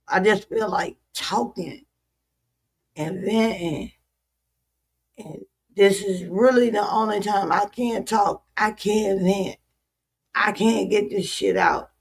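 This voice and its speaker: A woman's voice: medium pitch, vocal fry, breathy edge. A weary woman streamer venting to her viewers in a frustrated, repetitive, profane rant. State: weary, worn out. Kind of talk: emotional livestream rant.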